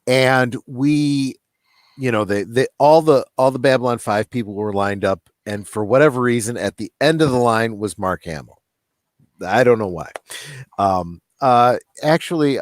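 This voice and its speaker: Man, co-host, casual storytelling, very lively pitch, dry close sound. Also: no room sound. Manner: animated storyteller who acts out the people he quotes. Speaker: co-host of a fan stream show.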